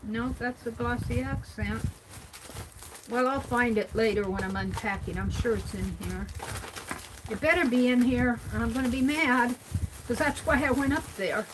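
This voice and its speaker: A woman vlogger casually chatting through her craft supply haul and tallying up prices out loud as she thinks. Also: on the high side, normal speed, background noise.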